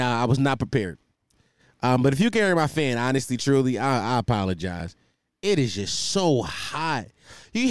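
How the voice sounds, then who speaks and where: A man's voice: on the high side, smooth, no room sound, studio quality. A man hosting his own podcast, riffing in a joking, profane, rambling way from a hot room at home. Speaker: podcast host. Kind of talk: casual comedic monologue. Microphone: desk microphone.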